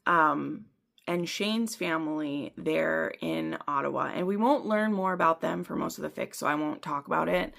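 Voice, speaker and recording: A woman with a deep voice, creaky and a bit bright, chats at a moderate pace about her reading for her book channel. It's a casual, rambling review packed with fillers, and she frequently laughs at herself.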